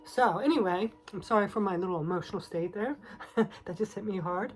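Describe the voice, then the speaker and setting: A woman's voice: medium pitch, a little fast, soft background music, rough recording. A woman giving a casual tarot reading, emotional and close to tears, talking in a confiding way with many fillers. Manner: emotional, confiding, with frequent fillers and soft laughs. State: teary, on the verge of crying. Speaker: tarot reader.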